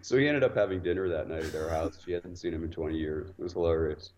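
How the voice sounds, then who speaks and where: A man telling an animated anecdote in casual conversation, acting out quotes as he goes. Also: low voice, fast talker, a little hiss or hum. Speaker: guest author. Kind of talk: casual storytelling.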